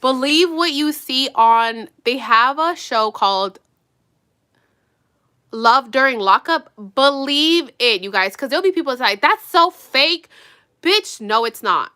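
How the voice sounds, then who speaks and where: A young woman vlogging while getting ready, talking bluntly and with lots of swearing, swinging between loud outbursts and low mutters. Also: measured pace. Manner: animated, blunt and profane, drops to mutters. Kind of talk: casual get-ready-with-me rant.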